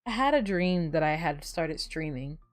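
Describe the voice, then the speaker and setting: A woman streamer chats casually while gaming, telling rambling stories packed with fillers. Her voice sits low with lively intonation, and she talks at a moderate pace. The recording is dry.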